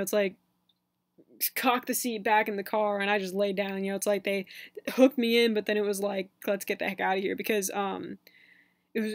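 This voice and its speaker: A man's voice: high-pitched, vocal fry, dry recording. A young man telling a story on his vlog in a casual, chatty way, full of fillers and laughs. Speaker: vlogger.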